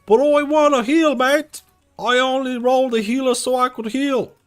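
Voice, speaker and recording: A whiny young gamer who only wants to heal, squeals in a strained falsetto far above a normal speaking voice. He complains in an exaggerated mock American accent, and the whole voice sits far from the speaker's usual tone. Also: fairly even intonation, normal speed, faint music behind. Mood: whining. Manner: whining, mocking. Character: whiny young male gamer insisting on healing.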